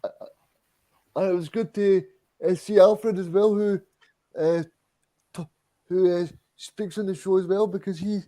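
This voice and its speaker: A man's voice: high-pitched, steady tone, a little slow, pauses often, mellow. A Scottish man hosting a football podcast, hesitant and full of fillers. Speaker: podcast host. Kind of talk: casual chat.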